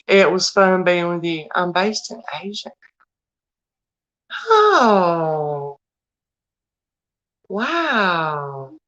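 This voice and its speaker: A woman's voice: on the low side, very animated, very slow, long pauses, a bit bright, dull audio. A middle-aged woman with a Southern US accent, chatting casually with viewers on a live stream in a homey, friendly way. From United States. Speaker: livestream host.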